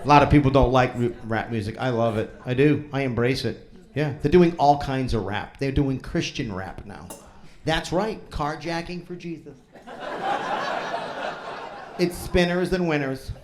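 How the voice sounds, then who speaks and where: A man's voice: medium pitch, measured pace. A man from New England doing a stand-up comedy set on a club stage, riffing with the audience. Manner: animated, jokey, riffing with the crowd.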